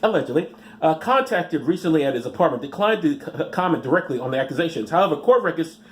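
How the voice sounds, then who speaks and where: A man's voice: a little high, animated, fast talker, a little hiss or hum. A man hosting a podcast who reads news stories aloud, then breaks off into sarcastic, rambling commentary and trips over his words. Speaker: podcast host.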